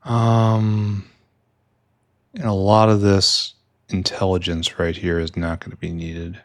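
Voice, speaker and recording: A man with a low, deep voice talks slowly through a game he is playing, rambling and thinking aloud. He makes wry little asides and often drops into quiet mutters to himself. The sound is dry and close to the mic. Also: fairly even intonation, no room sound. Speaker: gameplay streamer. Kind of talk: casual let's-play commentary.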